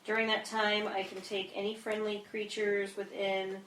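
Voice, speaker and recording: A woman's voice: medium pitch, level tone, moderate pace, a bit bright, slight background noise. Woman player reading rules out, echoey room. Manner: reads rules aloud. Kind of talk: casual tabletop game chat. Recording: roomy room echo.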